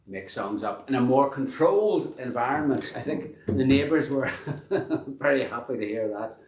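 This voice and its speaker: A man's voice: medium pitch, a little hiss or hum. A man hosting a casual live-stream chat, rambling and self-deprecating with many restarts. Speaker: host and band member. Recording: echoey room.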